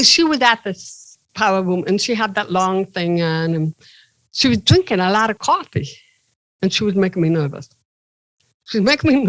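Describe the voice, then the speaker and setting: Woman, comedian guest, motivational speaker, animated, playful, joking, dry sound. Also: medium pitch, no room sound, low-quality recording. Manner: animated storyteller, playful jokes. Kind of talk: casual interview storytelling.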